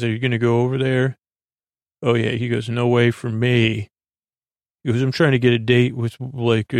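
A man's voice: medium pitch, gravelly, dry recording, clean studio sound. A man hosting a sleep podcast, loosely retelling a TV episode in a meandering way, full of fillers and restarts. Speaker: podcast host. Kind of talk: rambling episode recap for sleep.

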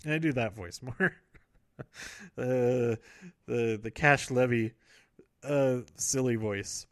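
A man's voice: mid-range voice, slow pace, long pauses, dry recording, clean studio sound. A man casually recapping wrestling events, rambling, correcting himself and laughing often.

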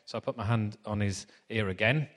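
A man's voice: lowish voice, a little fast, fairly bright tone. A man in his thirties preaching a sermon, chatty and self-deprecating with plenty of ums as he tells stories. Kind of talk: sermon with anecdotes. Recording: long hall reverb.

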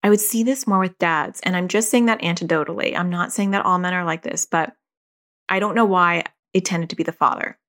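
A woman's voice: on the low side, a little fast, a bit bright. A middle-aged woman therapist and parent giving casual advice, telling stories with animation, laughing and acting out quoted voices.

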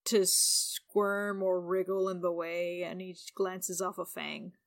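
A woman playing a tabletop role-playing game, calling out her rolls in a low-key way. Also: little pitch movement, takes it slowly, creaky. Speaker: player.

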